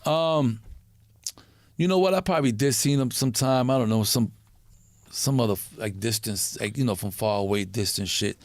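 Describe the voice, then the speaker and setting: A man's voice: mid-range voice, moderate pace, no room sound. A man, telling stories in a casual interview, swearing freely and acting out the voices of the people in them. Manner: streetwise, profane, animated storytelling with acted-out quotes. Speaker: interview guest.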